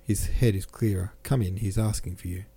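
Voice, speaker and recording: A man reading the lines of a doctor at a sickbed, quick and matter-of-fact. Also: on the low side, fairly even intonation, creaky, mellow, husky. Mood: urgent. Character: brisk male doctor at a sickbed.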